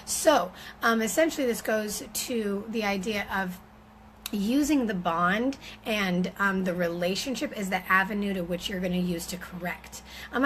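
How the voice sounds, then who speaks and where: A woman's voice: mid-range voice, a little hiss or hum, poor audio. A woman giving an informal teaching talk on parenting, speaking conversationally with frequent fillers and restarts.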